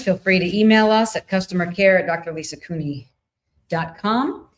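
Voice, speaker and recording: A woman's voice: lowish voice, moderate pace. A middle-aged woman hosting a live wellness session, talking to viewers in an upbeat, playful, sing-song way. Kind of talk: live stream talk to viewers.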